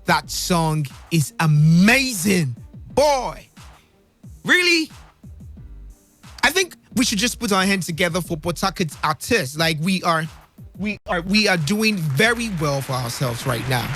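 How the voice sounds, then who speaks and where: A man hosting a radio show in an excitable, playful way, laughing often. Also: fairly high pitch, moderate pace, faint music behind, some chatter behind. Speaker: radio host. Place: radio studio.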